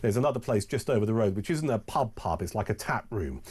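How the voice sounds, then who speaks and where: A man's voice: lowish voice, animated, quick pace, a little mellow, slightly rough. A man hosting a radio talk show, chatting casually and rambling with restarts in a studio.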